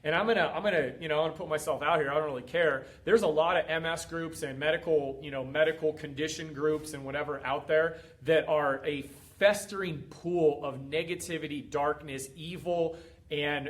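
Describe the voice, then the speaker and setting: Middle-aged man, fitness coach, motivational talk, emphatic and preachy, slightly high voice. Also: moderate pace, fairly bright tone. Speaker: fitness coach and group host.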